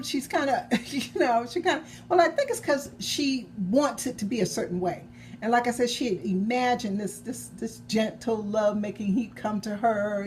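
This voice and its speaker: A woman novelist vlogs casually about her own book, rambling, correcting herself, and chuckling now and then. Her voice is a little high, with a slight hiss or hum on the recording.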